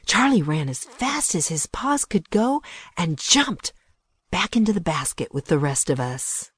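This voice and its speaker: A woman narrating a children's audiobook with lively storytelling and hushed whispers at tense moments. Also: lowish voice, unhurried, breathy edge, dry recording.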